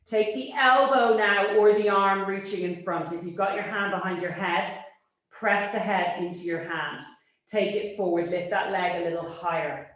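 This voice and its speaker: A woman teaching a Pilates class, giving brisk, encouraging cues and checking in with a quick "yes?". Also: medium pitch, steady tone, a bit bright. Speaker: Pilates instructor. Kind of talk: cueing an exercise class. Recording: very echoey room.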